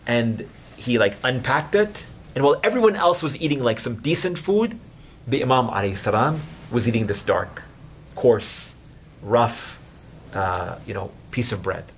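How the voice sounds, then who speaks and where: A man's voice: medium pitch, lively intonation, moderate pace, slight background noise. A man in his thirties giving an informal sermon, telling stories in a conversational way with many fillers and quoted dialogue. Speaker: religious scholar and chaplain.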